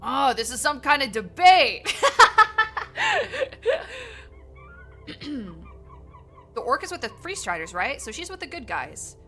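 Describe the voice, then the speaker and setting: Bright, playful woman streamer. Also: fairly high pitch, very animated, normal speed, faint music behind. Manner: playful, laughs often, swears casually. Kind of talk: live game playthrough, reading aloud with commentary.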